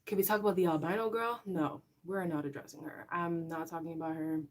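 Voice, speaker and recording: A young woman hosts a casual livestream chat, speaking directly to her viewers with animation and frequent laughter. Her voice sits on the lower side, and she talks briskly.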